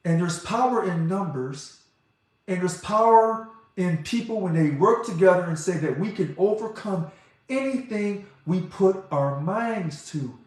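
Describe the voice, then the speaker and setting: A man speaking as an organization president in an impassioned monologue, talking fast and loud when he gets excited. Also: high voice. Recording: very echoey room.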